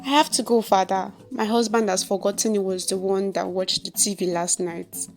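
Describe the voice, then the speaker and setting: A woman's voice: medium pitch, steady tone, normal speed, soft background music, lightly acted. Mary, a purring temptress, voiced by a woman. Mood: sultry. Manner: sultry, purring.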